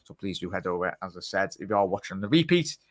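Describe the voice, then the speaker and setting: A man's voice: low-pitched, very animated, quick pace, dry recording. A man hosting a fan live stream, thanking viewers and reading their comments. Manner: friendly, thanks viewers by name. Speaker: host.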